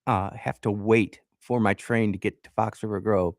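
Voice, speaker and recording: A man's voice: lowish voice, steady tone, normal speed, no room sound, clean studio sound. A man telling a rambling personal story on a radio show, often restarting mid-sentence and chuckling. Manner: rambling, self-interrupting, chuckles. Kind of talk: casual storytelling. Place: radio studio.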